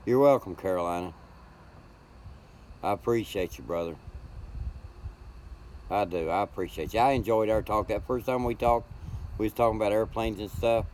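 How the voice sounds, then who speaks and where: An older man, chatting casually and rambling warmly with viewers on his home livestream. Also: lowish voice, normal speed, long pauses, a little hiss or hum. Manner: folksy, rambling, greets chat by name. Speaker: livestream host.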